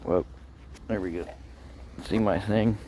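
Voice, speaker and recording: A man's voice: lowish voice, fairly even intonation, takes it slowly. A man rambling and joking while picking through curbside trash at night, out of breath at times. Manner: joking, rambling, mock voices of viewers. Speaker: scrap picker vlogger. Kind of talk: rambling casual vlog. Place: outdoors at night, curbside and in a vehicle. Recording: noisy outdoor night recording.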